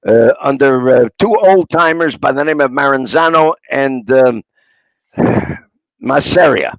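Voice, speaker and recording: Older man, gravelly voice, somewhat high pitch, dry close sound, anecdotal storyteller. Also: no room sound, highs cut off. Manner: rambling raconteur, punchline storyteller. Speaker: interviewee, author.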